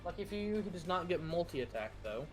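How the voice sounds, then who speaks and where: A man's voice: a little high, sing-song, fairly quick, faint music behind. A man narrating and running a tabletop game as game master, describing actions with lots of fillers and restarts. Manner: narrates actions with frequent fillers and self-corrections.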